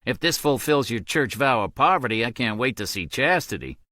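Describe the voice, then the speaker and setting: A man's voice: mid-range voice, expressive, moderate pace, sharp tone, no room sound, studio quality, voice pushed up. A man voicing a sarcastic middle-aged male CIA agent, breezy and joking in an audiobook. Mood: wry, teasing.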